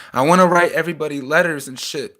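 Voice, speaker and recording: A young man in a small house, venting a raw personal rant that swings between heated outbursts and quieter reflection. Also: fairly high pitch. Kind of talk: emotional personal rant to camera.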